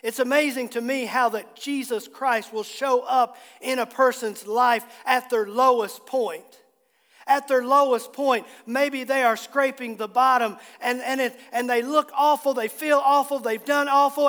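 High-voiced male pastor preaching. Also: a bit bright, big-room sound. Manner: earnest, repeating key phrases for emphasis. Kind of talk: sermon. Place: church sanctuary.

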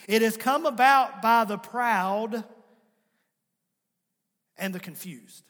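A man preaches in a high voice, his words carried by a long church-hall reverb. He repeats key lines and pushes them out with emphatic force. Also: a bit bright. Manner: preaching with rising, emphatic calls and repeated refrains. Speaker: pastor. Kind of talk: sermon. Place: church sanctuary.

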